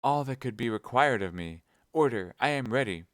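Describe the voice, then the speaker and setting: A man reading aloud voicing a young swaggering swordsman in a gallant, emphatic tone with his pitch raised. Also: lively intonation, moderate pace, dry recording, clean studio sound, lightly acted. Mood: ardent. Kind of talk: audiobook reading live.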